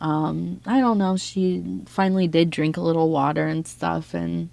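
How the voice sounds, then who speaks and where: A woman's voice: fairly low pitch, steady tone, normal speed, creaky, darkish tone. A woman doing a tea leaf reading for her viewers, talking in an earnest, heartfelt way. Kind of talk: casual spoken reading to viewers.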